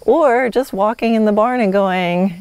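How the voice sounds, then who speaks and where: A woman's voice: lowish voice, animated, unhurried, mellow, no echo. A woman hosting a solo podcast, teaching horsemanship in a friendly, instructive way with light laughs.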